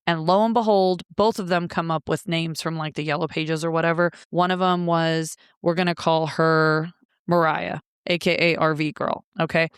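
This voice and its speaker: A woman recounts a raw personal story in a blunt, profane, emotional way. Her voice comes through smooth and clear. She is recorded close up in a dry, deadened room. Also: low voice, fairly even intonation, moderate pace, dry recording. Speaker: guest.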